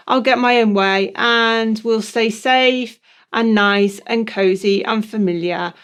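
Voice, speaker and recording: A woman's voice: a little high, fairly even intonation, slow pace, fairly bright tone, clean tone. A woman co-hosting a coaching podcast, agreeing and building on her partner's points in easy conversation.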